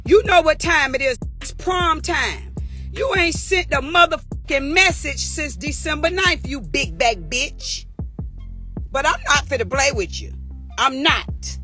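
High-pitched woman ranting with heated trash talk. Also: animated, measured pace, pushed and bright, faint music behind. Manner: drifts into sing-song mocking. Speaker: social media personality. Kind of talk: livestream rant.

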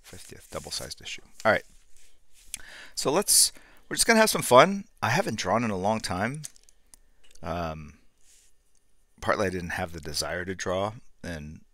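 A middle-aged man hosting a live art stream, chatting in a relaxed, rambling way and greeting viewers. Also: low voice, no echo. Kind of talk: casual live-stream chat. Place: home studio room.

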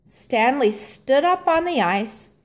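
A woman reading a children's storybook aloud in a gentle, clearly paced narration. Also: sits high, expressive, slow pace. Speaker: storybook reader.

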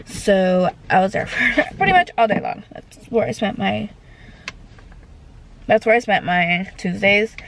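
A young woman chatting to her phone camera in a loose, rambling vlog style, short of breath as she talks. Her voice has a gravelly, fried edge, and a faint hiss sits under the recording. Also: medium pitch, poor audio. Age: young adult. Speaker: vlogger. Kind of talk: casual vlog chat.

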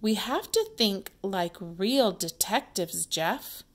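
A woman's voice: mid-range voice, lively intonation, takes it slowly. Teacher voicing an eager girl detective. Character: curious young girl detective, Lon.

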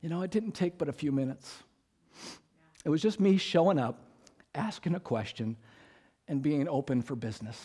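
A man's voice: fairly high pitch, normal speed, pauses often, dark tone, breathy edge. A man preaching a sermon as pastor, talking in a conversational, joking way and acting out little quoted exchanges.

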